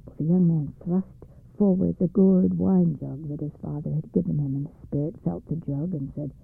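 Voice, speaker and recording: A storyteller reading a folktale aloud in a measured, expressive way. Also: mid-range voice, gravelly, breathy edge. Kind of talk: storybook narration. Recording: dry, phone-like narrow band.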